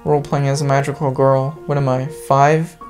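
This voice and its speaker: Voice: medium pitch, flat delivery, brisk, darkish tone, soft background music, natural voice. A gamer reading the lines of a withdrawn, bitter teenage girl, curt and sarcastic, as visual novel dialogue.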